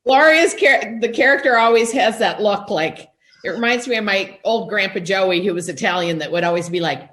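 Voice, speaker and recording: A woman actress talking as a guest in an interview, wry and animated. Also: medium pitch, moderate pace. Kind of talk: casual chat.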